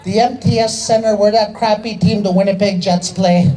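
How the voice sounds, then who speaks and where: A man's voice: high-pitched, fairly even intonation, moderate pace, heavy background noise. A man telling a comedy story on an outdoor stage, chatty and hyping up the crowd, often adding "eh". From Canada. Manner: chatty, tags lines with "eh", hypes the crowd. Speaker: stand-up comedian and rapper. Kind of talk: stand-up storytelling.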